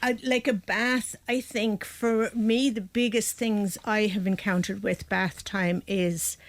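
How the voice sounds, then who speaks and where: A woman guests on a radio programme, explaining things in a chatty, meandering way. She restarts sentences often and leans on fillers as she talks, at an ordinary middle pitch for a woman. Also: steady tone, slow pace. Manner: chatty, many restarts and fillers like "like" and "you know". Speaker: baby sleep expert guest. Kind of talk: radio interview, explaining advice.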